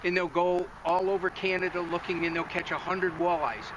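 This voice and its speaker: A man hosting a fishing show on a river bank, out of breath and excitedly talking viewers through his catch in a folksy way. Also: high voice, a little fast, muffled recording, background noise. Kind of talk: outdoor fishing commentary.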